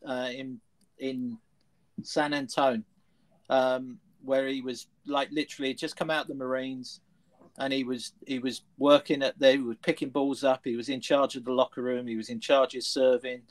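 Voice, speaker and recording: Brief: male panelist, mid-pitch, lively storyteller. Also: moderate pace, poor audio. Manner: anecdotal storyteller, animated retelling. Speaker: studio panelist. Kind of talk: casual sports chat.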